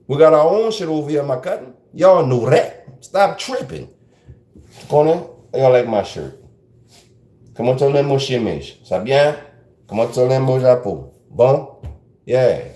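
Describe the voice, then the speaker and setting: With a warm, somewhat high voice, a South Louisiana Creole podcast host delivers a casual, rambling monologue in a roomy-sounding space. Creole French phrases slip into his loose commentary.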